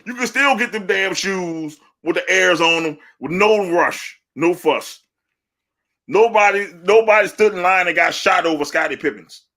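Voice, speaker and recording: Animated laughing man, bright voice. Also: sits high, normal speed. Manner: animated, laughing, trash-talking. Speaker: podcast co-host. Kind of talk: casual sports banter.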